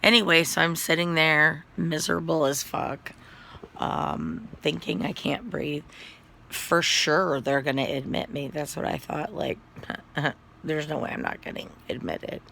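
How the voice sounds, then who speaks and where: A man sick with COVID, coughing as he tells a rambling, foul-mouthed story to the camera. His voice is heavily gravelly but bright and forceful, and he talks slowly, stumbling through plenty of ums and uhs. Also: on the high side, slight background noise. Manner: rambling, profane storytelling with many fillers. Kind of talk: casual personal story to camera.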